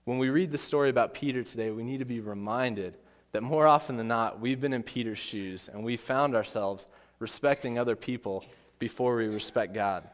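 A man's voice: medium pitch, normal speed. A man preaching a sermon, telling a Bible story with acted voices and emphatic repetition. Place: church. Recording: long hall reverb.

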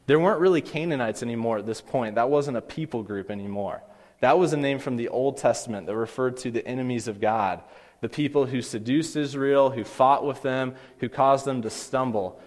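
A man's voice: mid-range voice, darkish tone. A man preaching a sermon as a pastor, earnest and building to emphatic pleas. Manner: earnest, rising to emphatic pleas in quoted lines. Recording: long hall reverb.

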